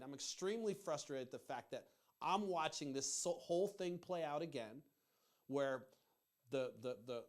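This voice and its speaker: A middle-aged man hosting a profane political rant, fired up, rambling and yelling his points. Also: on the high side. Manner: rambling with restarts. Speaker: political commentary host.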